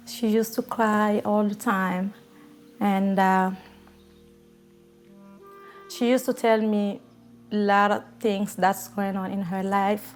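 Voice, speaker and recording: A woman tells a story about a friend at a very unhurried pace. Her voice has a middle pitch, and she acts out the remembered dialogue as she goes. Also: little pitch movement, soft background music. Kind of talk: interview storytelling.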